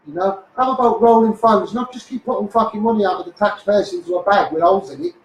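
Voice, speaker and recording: A man's voice: high voice, quick pace, a little hiss or hum. A man with a Scouse accent ranting on a live stream, swearing, stumbling over repeated words and tagging lines with "mate" and "you know". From Liverpool, England. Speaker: activist livestreamer. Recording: echoey room, voice far from the mic.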